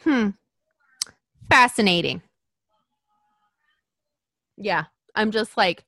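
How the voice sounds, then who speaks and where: A woman co-hosting a podcast in casual chat, animated and profane, with frequent laughing asides. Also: sits high, a little slow, pauses often, dry recording, studio quality. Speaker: podcast co-host.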